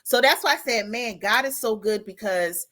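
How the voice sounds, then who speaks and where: A woman hosting a casual chat show, telling her story in an animated way and calling out to her listeners. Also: a little high, moderate pace. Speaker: podcast host.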